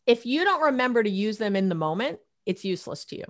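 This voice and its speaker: A middle-aged woman, a relationship therapist, talking casually in an interview, animated and laughing often as she acts out her clients' lines. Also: mid-range voice, fast talker.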